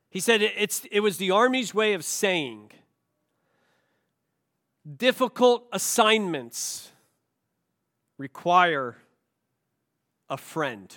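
A male preacher delivers a sermon in a bright, forceful voice that sits a little high. He drops to quiet, slow asides, then builds to loud, emphatic calls, with many rhetorical questions thrown to the congregation. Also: big pitch swings. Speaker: pastor.

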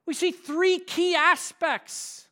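Male pastor, high bright voice, animated sermon delivery with loud and hushed turns. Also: takes it slowly. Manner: animated storytelling, shifts between loud and hushed.

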